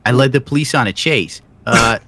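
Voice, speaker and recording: A man's voice: mid-range voice, normal speed, creaky, bright, forceful tone, dry recording. Blunt, foul-mouthed man telling tall stories. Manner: blunt, profane, dry storyteller. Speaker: YouTuber guest. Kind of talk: casual chat.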